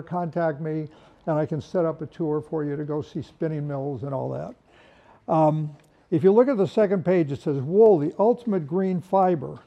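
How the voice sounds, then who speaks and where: Older man with gravelly, folksy delivery. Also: a little high, lo-fi sound. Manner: folksy, rambling storyteller with humor. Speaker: wool carpet industry veteran giving product talk. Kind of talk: informal product presentation.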